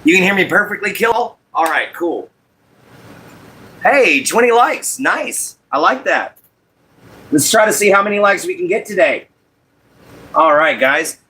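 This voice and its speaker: Bright-voiced man chatting on a livestream. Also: sits high, lively intonation, a little slow, long pauses, husky. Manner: greets viewers by name, apologetic about audio. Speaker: livestream host. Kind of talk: casual livestream chat while crafting.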